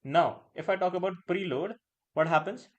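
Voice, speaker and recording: A man's voice: high-pitched, moderate pace. Indian man teaching with repeated "right?". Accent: Indian English. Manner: repeats phrases, tags lines with "right?"; mixes Hindi words into English. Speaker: pharmacology teacher. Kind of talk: live online lecture.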